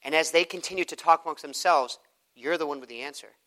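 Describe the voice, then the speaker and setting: Guy with a high bright voice teaching evangelism to a group, acting out street talks. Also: fast talker. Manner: animated, acts out both sides of conversations. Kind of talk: teaching talk with acted street dialogues.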